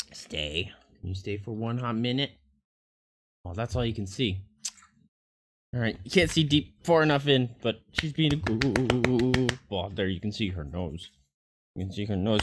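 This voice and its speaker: A woman game streamer talking casually to her viewers while playfully scolding an excited dog in a sing-song voice. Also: very deep voice, moderate pace, a little hiss or hum. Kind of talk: casual stream chat with pet.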